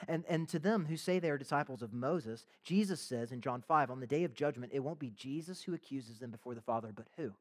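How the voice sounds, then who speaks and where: A man's voice: mid-range voice, fairly quick, hardly any pauses. A man preaching a sermon as pastor, talking conversationally and acting out the voices of the people in the story, with casual slang asides.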